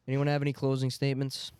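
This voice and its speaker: A young man co-hosting a podcast, chatting casually with friends and reacting with quick banter. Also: medium pitch, completely flat delivery, a little mellow, smooth, dry recording. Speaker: podcast co-host. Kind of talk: casual chat among friends.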